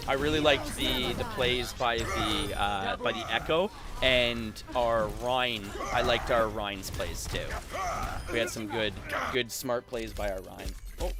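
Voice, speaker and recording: A Canadian man giving live commentary on his own gameplay, excitable and quick to laugh, shouting at big plays. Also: medium pitch. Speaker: streamer. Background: game music.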